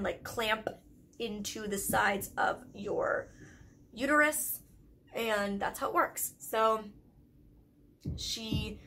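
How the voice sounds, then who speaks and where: A woman's voice: medium pitch, a bit bright, a little hiss or hum. A young woman from Canada with a Canadian accent, telling a personal story in a candid, chatty vlog full of "like" fillers. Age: young adult. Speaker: YouTube vlogger.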